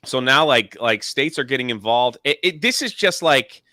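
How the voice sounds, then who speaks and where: Bright, crisp-voiced man hosting. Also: mid-range voice, animated, normal speed, no room sound, clean studio sound. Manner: sarcastic, rambling, with frequent fillers. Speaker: show host. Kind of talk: casual news commentary.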